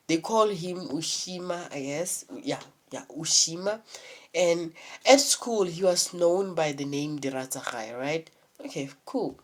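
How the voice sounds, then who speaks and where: Young woman, casual storytime vlog, rambling, profane, lots of fillers. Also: lowish voice. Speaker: vlogger.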